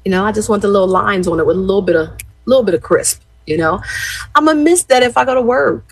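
A middle-aged woman hosting radio in a chatty, animated way, talking straight to her listeners. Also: mid-range voice, fast, dry recording, rough recording. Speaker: radio host. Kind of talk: casual radio chat and shout-outs.

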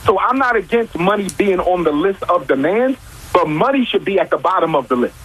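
High husky man arguing emphatically. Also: animated, a little fast, a bit bright, low-quality recording. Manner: emphatic, repeats key points, rhetorical questions. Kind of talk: impassioned talk-show argument.

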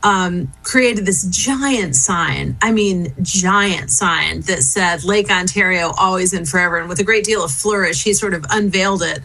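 A middle-aged woman talking as an interview guest. She speaks in a thoughtful, conversational way, often pausing on fillers and restarting her sentences. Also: fairly low pitch, sharp tone, poor audio. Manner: thoughtful, frequent fillers and restarts, light laughter. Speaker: interview guest, former business council head and diplomat.

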